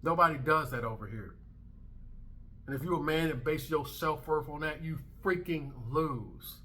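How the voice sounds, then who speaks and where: Man in his thirties, vlog host; brash emphatic rant, bright tense tone. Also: on the high side, moderate pace. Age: 30s. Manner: brash, emphatic, swearing freely. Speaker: commentary channel host. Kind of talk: ranting commentary vlog.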